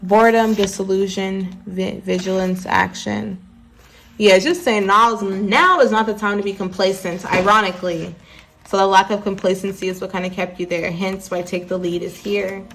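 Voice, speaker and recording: A woman's voice: mid-range voice, fairly even intonation, normal speed, fairly bright tone, slight background noise. A woman giving a casual tarot reading to her viewers, chatty and mixing readings from the deck's guidebook with asides to the audience. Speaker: tarot card reader.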